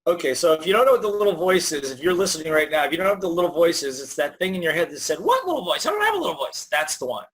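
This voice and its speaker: A middle-aged man, a guest author, talking in a lively, storytelling way in an interview and acting out the voices in his head. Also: a little high, racing, few pauses. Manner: energetic storyteller, acts out inner voices. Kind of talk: conversational interview.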